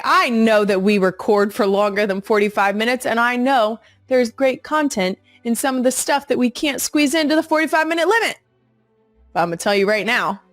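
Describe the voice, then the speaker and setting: A woman's voice: a little high, no echo, clean studio sound. A woman in her thirties hosting her own podcast, talking casually in a blunt, sassy way and swearing freely. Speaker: podcast host. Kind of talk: casual monologue.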